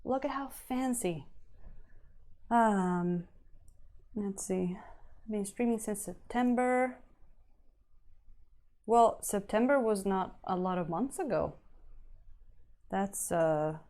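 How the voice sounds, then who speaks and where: A woman's voice: mid-range voice, takes it slowly, pauses often, dark tone. A woman chatting casually with her live-stream viewers while she paints a miniature, rambling and laughing often.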